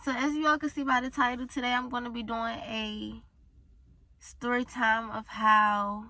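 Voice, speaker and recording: Chatty teen girl, bright dry voice. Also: on the high side, flat delivery, normal speed, no room sound. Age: teens. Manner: chatty, rambling, says y'all often. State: pregnant, a little tired and down. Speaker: vlogger. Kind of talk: casual story time. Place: inside a car.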